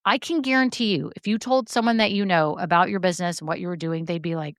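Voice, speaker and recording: A woman hosting a solo business-coaching podcast, talking in an energetic, emphatic way and repeating her key points. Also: fairly low pitch, a little fast, few pauses, no room sound, clean studio sound. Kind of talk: solo motivational podcast talk.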